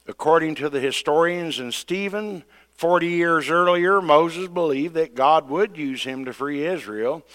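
A man preaches a sermon, retelling scripture dramatically and voicing quoted characters with rising pitch and growing loudness.

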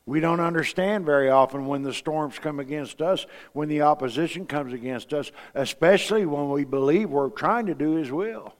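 A man's voice: on the high side, normal speed, few pauses, long reverb tail. A man preaching a sermon in a folksy, storytelling way, asking his congregation rhetorical questions. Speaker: pastor.

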